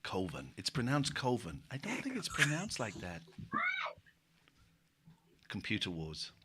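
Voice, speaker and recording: A man's voice: lowish voice, wildly swooping pitch, a little slow, heavy background noise. A man hosting a casual late-night stream, reading out viewer comments with wry asides. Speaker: stream host.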